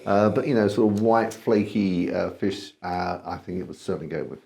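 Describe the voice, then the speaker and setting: A man co-hosting a wine tasting show, thinking aloud in a measured, casual way with many fillers. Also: deep voice, vocal fry, warm tone.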